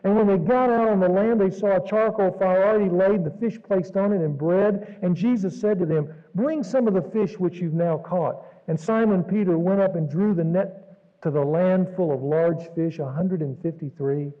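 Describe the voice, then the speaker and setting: A man pastor delivering an earnest, dramatic sermon, jumping between raised exclamations and hushed asides. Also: high voice, moderate pace. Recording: dull recording in a reverberant hall.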